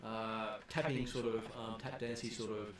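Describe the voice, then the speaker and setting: A man's voice: lowish voice, fairly even intonation, normal speed, slight background noise. A man narrating as game master of a tabletop game, hesitant and full of fillers. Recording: echoey room, far from mic.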